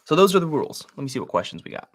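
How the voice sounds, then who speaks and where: A man's voice: on the high side, sing-song, rapid-fire. A man who invests in real estate, coaching on a live stream while making cold calls, talking loosely with plenty of filler words. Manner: loose and conversational, many "like" fillers.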